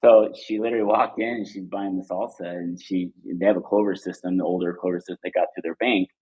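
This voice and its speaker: Man, husky voice, low pitch, animated rambling storyteller, phone-like recording. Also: fast. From Southern California. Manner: animated storyteller, many fillers and restarts. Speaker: guest, trucking business owner. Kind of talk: casual storytelling interview. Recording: phone-like narrow band line.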